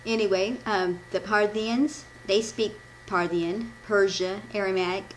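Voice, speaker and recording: Woman preacher from the Midwest, informal and self-correcting, mid-pitched, faint hum. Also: fairly even intonation, measured pace, hardly any pauses, low-quality recording. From Midwestern United States. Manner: rambling, self-correcting, laughs at her own slips. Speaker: devotional speaker. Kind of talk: informal church devotion, reading notes.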